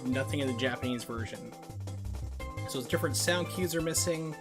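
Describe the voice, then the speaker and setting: A man's voice: mid-range voice, normal speed. A man chatting casually and rambling while he sets up a live game stream, talking into a headset. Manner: chatty and rambling, with many fillers. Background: video game music.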